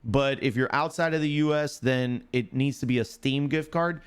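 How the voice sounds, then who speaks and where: A man's voice: mid-range voice, normal speed, smooth. A man hosting a live stream, casually chatting, joking and teasing viewers by name as he explains a picks game. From United States. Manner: joking, teases chatters, greets them by name.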